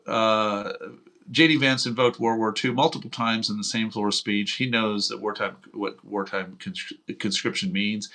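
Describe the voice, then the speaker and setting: A man's voice: fairly low pitch, bright, forceful tone. A man from Houston hosting political commentary, talking in a blunt, profane, heated rant. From United States (Houston). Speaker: host.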